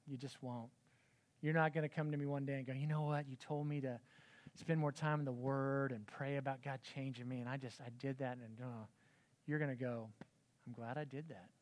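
A man's voice: mid-range voice, darkish tone. A middle-aged man giving an earnest, conversational church talk to parents, often acting out quoted dialogue. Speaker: pastor.

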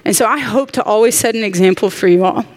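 A woman's voice: mid-range voice, fast talker. Jet lagged woman teaching bible study, heartfelt and chatty. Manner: earnest, heartfelt, chatty asides.

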